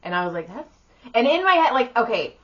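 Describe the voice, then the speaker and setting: A woman co-host tells a story with a bright, ringing voice. She throws herself into quoted lines. The audio is somewhat muffled and lo-fi. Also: on the high side, very animated, brisk. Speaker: podcast co-host. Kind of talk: casual storytelling chat.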